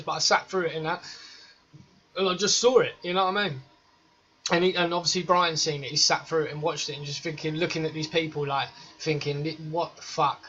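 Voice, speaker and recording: A man's voice: fairly high pitch, sharp tone. A man reacting to a video clip, talking in a sweary, slangy, emphatic way. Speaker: reaction vlogger. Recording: dull lo-fi recording.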